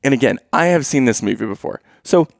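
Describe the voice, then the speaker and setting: A man in his thirties tells a playful, teasing family story to his listeners, casually storytelling to camera. His medium-pitched voice is animated, fast, and has vocal fry, with clean studio sound and no echo.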